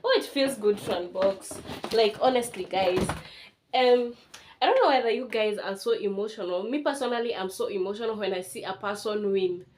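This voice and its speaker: A woman's voice: mid-range voice, normal speed, darkish tone, a little hiss or hum. A Kenyan woman in her twenties, chatting casually and emotionally as she unboxes things for a home vlog. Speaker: vlogger. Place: indoors at home.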